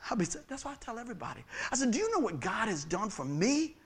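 A man preaching with a high, bright voice that swoops up and down as he goes. He tells stories from his own life, laughs often and slips into the voices of the people in them. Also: sing-song, quick pace, hardly any pauses, breathy edge. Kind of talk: lively sermon with personal stories.

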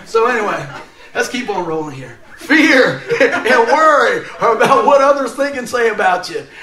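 The pastor's voice is a little high, and the space sounds roomy. Mid-sermon, he gets animated telling a funny tale about himself, laughing repeatedly through it.

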